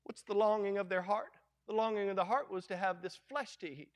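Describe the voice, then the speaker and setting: A middle-aged man preaching a sermon as pastor, folksy and animated, acting out quoted lines. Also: high-pitched, fairly quick.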